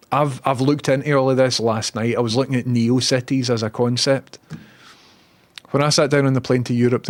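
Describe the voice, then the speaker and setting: Chatty Scottish man telling stories. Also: mid-range voice. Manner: animated storyteller acting out others' lines. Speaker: Twitch streamer. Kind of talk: casual chat reading viewer comments.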